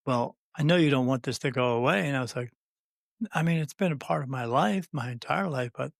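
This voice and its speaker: A man in his fifties talks as an interview guest at a middling pitch. He tells his story with many "uh"s and restarts and slips into the people he quotes. The sound is dry, with no room echo. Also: creaky. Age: 50s. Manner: halting, many "uh" fillers and restarts, acts out quoted dialogue. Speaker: guest, spirit medium.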